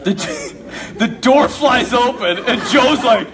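A man's voice: very high-pitched, takes it slowly, a crowd in the background, background noise. A man preaching, telling a funny story with lots of energy and laughing as he talks. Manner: animated, laughs through his story. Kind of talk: humorous sermon storytelling.

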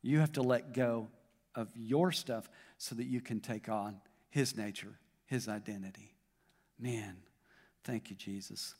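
A man's voice: mid-range voice, steady tone, unhurried, darkish tone. A man pastor with a Southern US accent, preaching a sermon to his congregation, building up in intensity and then joking with the crowd. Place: church auditorium. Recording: long hall reverb.

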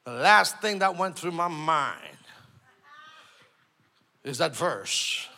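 A man preaching a sermon who shouts call-and-response lines to the congregation, then drops to a quiet storytelling tone. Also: on the high side, big pitch swings, slow pace, creaky. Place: church service.

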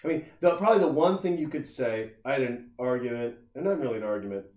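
A middle-aged man in casual comedic chat, talking in a profane, animated way and acting out the people he quotes in jumping voices. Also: mid-range voice, fast talker. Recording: roomy echo.

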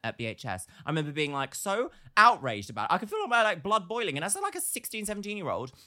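Young podcast co-host, chatty and filler-heavy, bright voice. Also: medium pitch, wildly swooping pitch, fast talker. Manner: chatty, lots of "like", outraged retelling. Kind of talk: casual storytelling chat.

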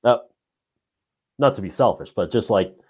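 A man in casual chat, telling a ghost story in a relaxed way with lots of "you know" fillers. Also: fairly low pitch, normal speed, breathy edge. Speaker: podcast guest.

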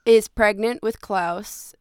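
A woman co-hosting a podcast, rambling through her points with sarcastic, jokey asides. Her voice is smooth and clear, recorded up close and dry with no room echo. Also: mid-range voice, steady tone, takes it slowly. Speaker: podcast co-host. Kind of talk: casual chat.

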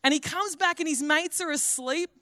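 Woman pastor, high voice, dry close sound, earnest conversational sermon. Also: moderate pace, sharp tone, dry recording. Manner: earnest, conversational preaching with restarts.

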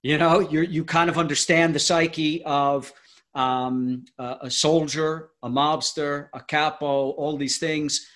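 A male podcast host with a fairly high voice works through his questions slowly and hesitantly, circling back and restarting his sentences as he thinks aloud. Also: steady tone, a bit bright. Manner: hesitant, many fillers and restarts. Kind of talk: interview conversation.

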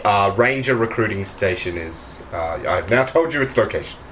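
A man running a tabletop game in a chatty, quick, laughing manner. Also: lowish voice, lively intonation, fairly bright tone, a little hiss or hum, low-quality recording. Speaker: game master.

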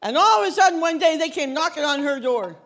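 A woman pastor preaching a sermon, telling a story with lively, casual acted-out dialogue. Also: high voice, fast, slight background noise. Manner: animated storytelling, acts out biblical characters in casual modern speech.

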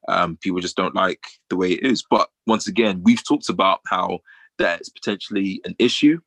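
A man co-hosting a podcast in casual chat, measured and reflective, laughing easily. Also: sits low, a bit bright, no room sound. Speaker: podcast co-host.

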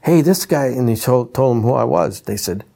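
A man's voice: medium pitch, moderate pace, creaky. An older man, a retired trumpeter and instrument designer, telling stories and acting out the voices in them. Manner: animated, mimics voices in quoted dialogue. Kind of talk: anecdotal storytelling.

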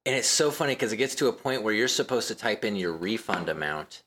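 A man's voice: on the low side, lively intonation, quick pace, a bit bright. A man talking casually and rambling, laughing often and acting out what others say. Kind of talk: casual chat.

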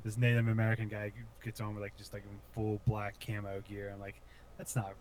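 A man in a relaxed podcast chat who swears freely and quotes lines from the film. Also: on the low side, brisk, a little hiss or hum. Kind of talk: casual chat.

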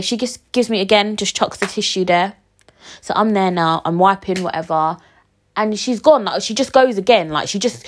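A young woman, telling a story frankly to her viewers, full of fillers and swearing. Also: mid-range voice. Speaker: vlogger.

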